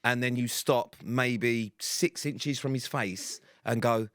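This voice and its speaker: A man's voice: mid-range voice, fairly even intonation, takes it slowly, dry recording. A man co-hosting a podcast, teasing his friend in a dry manner and swearing freely. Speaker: podcast co-host. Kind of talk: teasing casual chat.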